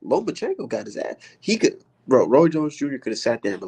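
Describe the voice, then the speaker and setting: Gravelly, heated man ranting about boxing. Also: mid-range voice, fast talker. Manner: heated, animated, swears constantly. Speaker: boxing vlogger. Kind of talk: casual profane rant. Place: indoors, maybe art studio.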